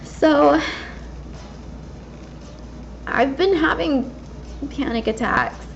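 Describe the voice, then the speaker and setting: A woman's voice: sits high, drawn-out words, vocal fry, soft background music. A woman in her twenties talking candidly and casually while she plays a game, rambling with many fillers. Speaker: gaming vlogger. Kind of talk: casual personal talk while gaming. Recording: slightly dull lo-fi mic with faint background hiss.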